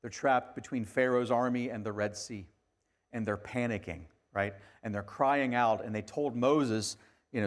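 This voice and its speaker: A male pastor preaches conversationally at normal speed, his medium-pitched voice keeping a steady tone while he moves between hushed, quiet lines and emphatic ones.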